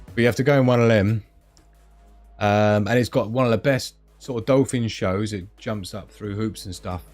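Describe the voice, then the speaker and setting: Bloke rambling on a livestream, bit low-voiced, chatty. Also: male voice, normal speed, darkish tone, dry recording, soft background music. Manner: rambling, chatty, loses his thread. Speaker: livestream host. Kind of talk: casual live-stream chat.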